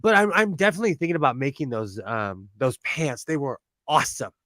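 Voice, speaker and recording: A brisk, animated Californian man with a sharp-toned, medium-pitched, youthful voice hosts a casual sewing livestream, laughing frequently and restarting his sentences. His accent is Californian, and there's no room sound.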